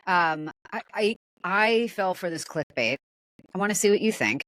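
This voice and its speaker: A woman's voice: fairly low pitch, lively intonation, normal speed, a bit bright, dry recording. A woman hosting a casual podcast, reading odd news stories aloud and laughing at them. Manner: amused, laughs often, comments while reading. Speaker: podcast host.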